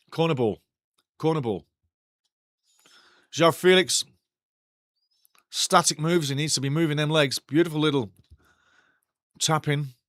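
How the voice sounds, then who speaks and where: In clean, echo-free studio sound, a man with a fairly high-pitched voice hosts a live watch-along of a match. He reacts to the play with passion and indignation, ranting straight at his chat.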